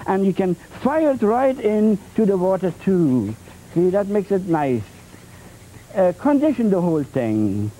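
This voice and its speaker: Very dark-voiced man teaching oil painting. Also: high voice, very animated, slight background noise, poor audio. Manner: halting and repetitive, with many fillers and restarts; playful, with folksy coined phrases. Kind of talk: on-camera painting demonstration. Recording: 1980s TV tape transfer.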